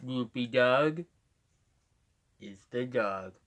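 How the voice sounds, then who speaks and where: A man voicing a slow, mopey cartoon dog in a low, sleepy drawl. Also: fairly bright tone.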